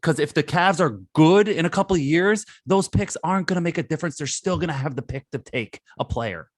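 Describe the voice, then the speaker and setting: A man's voice: on the high side, fairly quick, dry recording, clean studio sound. A man co-hosting a sports podcast, ranting angrily and exasperated. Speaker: podcast co-host.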